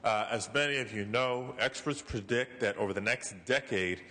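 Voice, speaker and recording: A man giving a floor speech as a senator, measured and full of uh fillers. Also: mid-range voice, bright, forceful tone. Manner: frequent uh fillers, measured delivery. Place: legislative chamber. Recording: long reverb of a large chamber.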